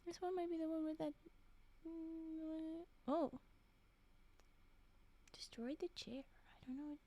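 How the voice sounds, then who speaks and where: A woman's voice: extremely high pitch, steady tone, takes it slowly, warm tone. A woman streamer reading spooky stories aloud, often breaking off to chat, laugh and whisper asides. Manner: chatty, reads aloud and breaks off to react and answer chat. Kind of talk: casual live-stream story reading.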